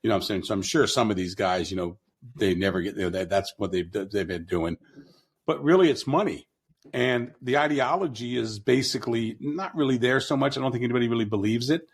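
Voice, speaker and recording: A man's voice: mid-range voice, a little fast, breathy edge. A man talking bluntly on a podcast, mocking and profane, with frequent restarts. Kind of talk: casual opinionated talk.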